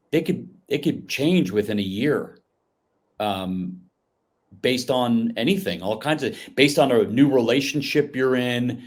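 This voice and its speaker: A man's voice: lowish voice, a little mellow. A man hosting a podcast, talking casually and rambling as he searches for words. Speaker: podcast host.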